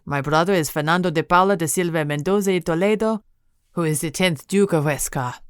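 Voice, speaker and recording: Woman voicing a booming Spanish count. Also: fairly quick, clear, resonant tone, no echo, clean studio sound, close to an everyday voice. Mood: haughty. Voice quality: deep, booming. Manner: haughty, formal. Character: pompous aristocratic Spanish count, grown man. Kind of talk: audiobook character voice.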